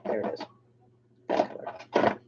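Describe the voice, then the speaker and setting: A woman's voice: unhurried, darkish tone, highs cut off. A woman hosting a casual livestream, chatting to viewers by name as she paints miniatures.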